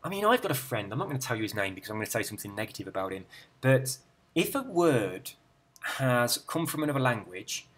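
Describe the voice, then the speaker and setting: An Englishman with an English accent talks in a loose, rambling chat as a gaming host. His pitch jumps around in a lively way, and he is often self-deprecating. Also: fast talker. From England. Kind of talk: casual chat reading viewer comments.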